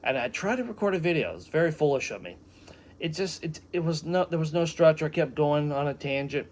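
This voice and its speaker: A man's voice: a little high, animated, brisk, a little hiss or hum. A man recording a rambling personal video diary at home, unwell and dizzy, full of restarts and tangents. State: unwell and dizzy after vertigo. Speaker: vlogger recording a personal note. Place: at home, indoors.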